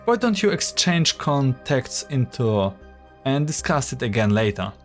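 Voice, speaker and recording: A man voicing a flustered female manager who hurriedly tries to calm an argument. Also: medium pitch, faint music behind. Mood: placating. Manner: placating, hurried.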